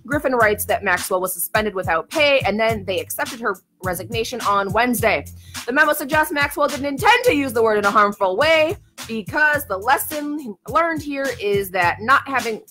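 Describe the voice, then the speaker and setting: A woman's voice: on the high side, lively intonation, moderate pace, bright, forceful tone, soft background music. A woman co-hosting a podcast, reading news stories aloud in a dry, blunt way. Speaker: podcast co-host.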